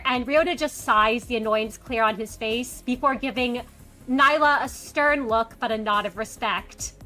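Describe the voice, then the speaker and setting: Bright-voiced woman game master. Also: high-pitched. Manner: lively narration, voicing characters in quotes. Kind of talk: narrating a tabletop game.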